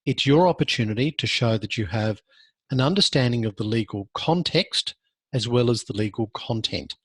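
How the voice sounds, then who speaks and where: A male law lecturer with an Australian accent giving earnest, measured advice in a recorded university lecture, pausing now and then on fillers. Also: mid-range voice, expressive, a bit bright, husky, dry recording.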